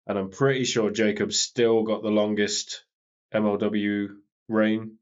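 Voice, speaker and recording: A man's voice: fairly low pitch, little pitch movement, unhurried, clear, resonant tone. Chatty man on a lo-fi podcast. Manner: chatty, quizzes his co-host with a laugh. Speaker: podcast co-host. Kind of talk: casual chat. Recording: dull lo-fi podcast audio.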